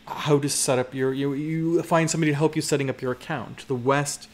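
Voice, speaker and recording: A man's voice: a little high, steady tone, brisk. Rambling male presenter checking "okay?". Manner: loose, rambling, many restarts and "okay?" checks. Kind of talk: live conference talk.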